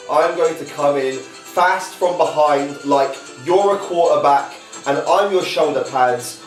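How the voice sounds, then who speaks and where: A man performing his poems live at a reading, playful and chatty, often chanting a repeated phrase. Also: on the high side. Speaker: performing poet. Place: library reading room. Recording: echoey room, voice from far off.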